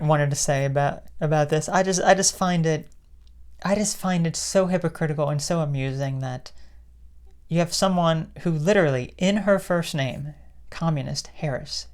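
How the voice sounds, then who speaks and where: Low-voiced woman ranting on a vlog. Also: normal speed, a little mellow. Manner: opinionated and rambling, frequent restarts, laughs to herself. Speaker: political commentary vlogger. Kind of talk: casual opinion vlog.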